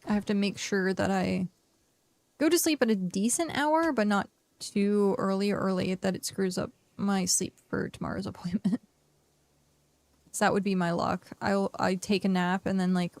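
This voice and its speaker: A woman's voice: mid-range voice, gravelly, a little mellow, no room sound. A young woman streaming a game, chatting casually and rambling to herself and her viewers while sounding tired and yawning. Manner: rambling, talks to herself and chat. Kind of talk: casual live-stream chat while playing.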